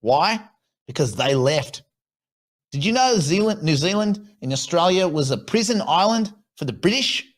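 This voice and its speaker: A man's voice: fairly high pitch, animated, moderate pace. A man co-hosting a casual chat show, joking and teasing his co-host.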